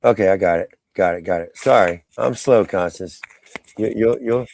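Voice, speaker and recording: A man's voice: low voice, normal speed, vocal fry, darkish tone. A man hosting a casual live stream, rambling through his thoughts and mocking people in the chat. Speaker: livestream host.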